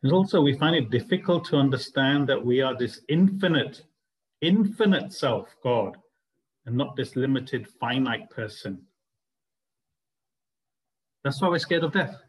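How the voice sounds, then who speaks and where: A man's voice: medium pitch, lively intonation, a little slow, long pauses, rough recording. A man teaching a spiritual study group, explaining ideas earnestly and asking the class rhetorical questions. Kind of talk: class discussion lecture.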